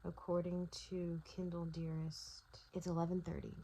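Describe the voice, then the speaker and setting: A woman's voice: lowish voice, little pitch movement, normal speed, dark tone, rough recording. A young woman talking casually to her phone at home at night, worn out and teary, gushing emotionally about a book and swearing freely. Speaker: book vlogger. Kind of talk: casual vlog chat.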